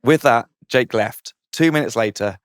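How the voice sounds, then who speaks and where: A man's voice: mid-range voice, normal speed. A man, a comedian, reading out his saucy comic story with a playful manner, often laughing at his own jokes.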